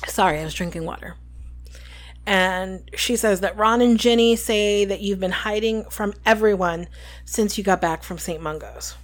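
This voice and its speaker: A woman's voice: mid-range voice, normal speed. A woman co-hosting a podcast, casually recapping a book chapter with lots of ums. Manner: retells scenes with filler ums and quoted lines. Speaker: podcast co-host.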